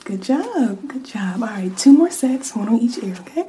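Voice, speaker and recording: A woman in a whispered role-play, acting as an examiner who gives a hearing test and whispers words softly into each ear. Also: fairly high pitch, very animated, a little hiss or hum, low-quality recording. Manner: soft, slow and soothing, whispering word lists into each ear.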